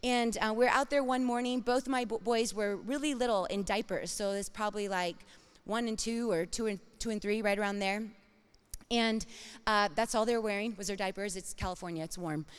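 A mother in her thirties telling a personal story with dramatic, expressive swings between hushed and loud. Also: medium pitch, moderate pace, smooth, long reverb tail.

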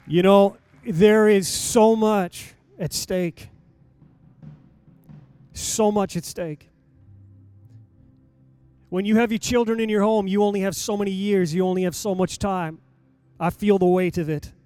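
Pastor, male, high mellow voice, sermon delivery building to loud exhortation; dry pickup, faint music under. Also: steady tone, unhurried, long pauses, smooth, dry recording. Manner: preaching, rising to loud exhortation when reading scripture. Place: church sanctuary.

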